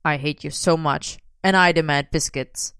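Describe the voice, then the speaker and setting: A woman's voice: deep voice, fairly even intonation, moderate pace, a bit bright, clean tone, no echo, studio quality, pitched below the performer's own voice. A woman reading aloud, voicing a smug, bossy young man who teases his friend. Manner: bossy, commanding.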